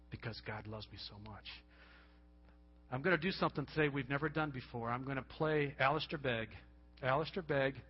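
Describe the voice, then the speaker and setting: A man's voice: medium pitch, husky, highs cut off. A man preaching a sermon as pastor, earnest and emphatic, repeating himself and asking the congregation questions.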